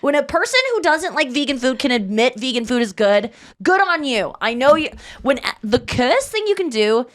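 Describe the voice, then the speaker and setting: A young adult woman hosting a podcast, chatting casually and animatedly, breaking into loud mock voices. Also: high-pitched, animated, normal speed. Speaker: podcast host.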